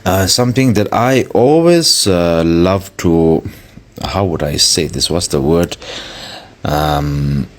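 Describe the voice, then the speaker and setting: Deep-voiced man giving a dharma talk. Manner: earnest and searching for words, with pauses. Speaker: Buddhist teacher.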